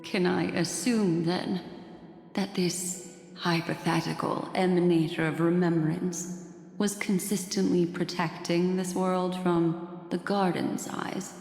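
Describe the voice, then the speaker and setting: A voice actress playing a composed, analytical companion who asks questions in a measured, thoughtful way. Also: female voice, on the low side, flat delivery, vocal fry, darkish tone. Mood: calm. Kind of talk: game cutscene voice acting. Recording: echoey game audio with hall reverb and music.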